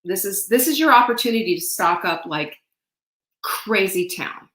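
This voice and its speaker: A woman's voice: medium pitch, expressive, moderate pace, fairly bright tone, roomy sound, low-quality recording. A woman hosting a live sales stream from home, chatty and rambling, getting teary and full of fillers and restarts. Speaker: livestream host selling supplements. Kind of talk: casual live sales chat.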